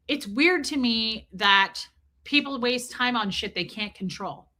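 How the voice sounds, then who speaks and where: A woman hosts a casual livestream on a streaming mic, chatting bluntly, swearing plenty, and reading out super chats as she thanks viewers by name. Her voice is on the high side, bright and forceful, at a moderate pace.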